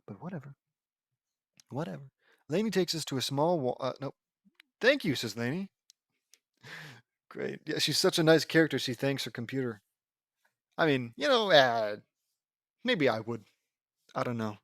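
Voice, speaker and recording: A man's voice: medium pitch, animated, moderate pace, vocal fry, long pauses, a bit bright, no room sound. Sarcastic man mocking a story. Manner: sarcastic, mocking, easily exasperated. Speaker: reader of fan fiction. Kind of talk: audiobook reading with sarcastic commentary.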